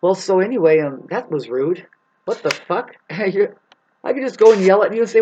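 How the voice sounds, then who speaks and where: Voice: medium pitch, lively intonation, normal speed, dark tone, husky, poor audio. A vlogger delivering an angry, rambling, profane monologue that warns and scolds the listener. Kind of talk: ranting monologue.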